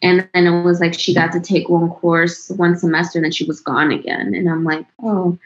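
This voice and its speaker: Chatty woman with a lowish voice, lo-fi. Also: fairly even intonation, normal speed. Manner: chatty, laughs often, trails off and restarts. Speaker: interview guest. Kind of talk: casual personal storytelling. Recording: dull lo-fi sound.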